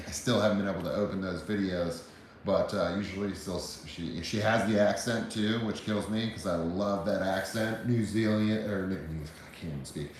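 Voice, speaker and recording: A man from the United States hosting a livestream, chatting casually, rambling and swearing as he reads viewer comments. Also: lowish voice. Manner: rambling, profane, laid-back. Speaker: livestream host. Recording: very echoey room with faint background noise.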